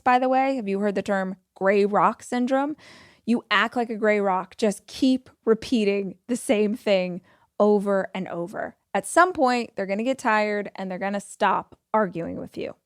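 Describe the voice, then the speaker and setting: A woman's voice: mid-range voice, normal speed, smooth, no echo, studio quality. A woman in her forties hosting a podcast, giving firm, emphatic self-help advice in a motivational monologue. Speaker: podcast host.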